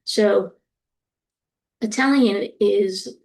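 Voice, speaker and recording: A woman lecturer explaining a topic step by step, often pausing with ums and acting out example sentences. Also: mid-range voice, a little mellow. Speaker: university lecturer. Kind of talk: recorded lecture.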